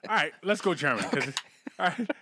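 A man's voice: a little high, big pitch swings, measured pace, sharp tone. A man telling long, profane stories in casual chat as a podcast co-host, putting on mocking voices when quoting people. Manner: profane, rambling storyteller.

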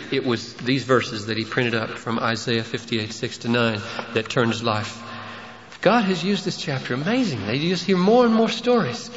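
A man's voice: mid-range voice, fairly bright tone, slight background noise. A man delivers a sermon with emphatic, rising force on his key points. The sound is dull and lo-fi, and it carries a long, roomy echo from a large church sanctuary. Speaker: pastor. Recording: echoey hall, dull lo-fi sound.

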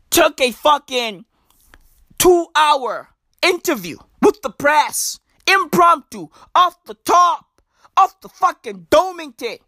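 A young man with delivering a profane, animated comedic rant full of mocking asides and put-on voices. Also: very high voice, no room sound, studio quality. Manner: animated, profane slang-heavy ranting with mock impressions. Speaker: comedic commentator.

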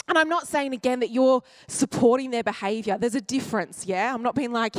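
Emotive high-voiced woman preaching a sermon. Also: fairly quick, hardly any pauses, no room sound. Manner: emotive, acts out quoted voices, drops to near-whisper at tender points. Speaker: pastor.

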